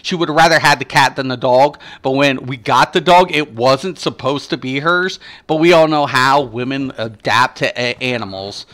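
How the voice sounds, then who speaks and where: A man streaming a game, telling stories in casual chat with lively energy and lots of swearing. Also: medium pitch, normal speed, hardly any pauses. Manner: profane, animated storytelling.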